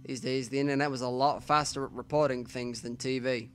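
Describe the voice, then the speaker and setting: A man reading a visual novel aloud as the host of a let's play, with quiet asides to himself between stretches of narration. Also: medium pitch, steady tone, a little fast, slight background noise.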